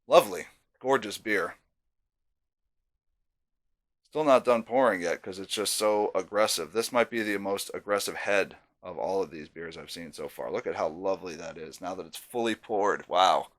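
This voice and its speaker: Man, lowish voice, chatty beer reviewer, self-deprecating asides, casual vlog. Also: moderate pace.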